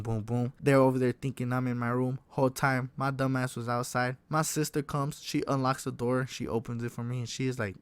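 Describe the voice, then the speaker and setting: A young man vlogging a casual storytime, slangy and animated, with a refrain of "you know what I'm saying". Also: medium pitch, clear, resonant tone, no room sound. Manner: acts out his own past panic in raised voice.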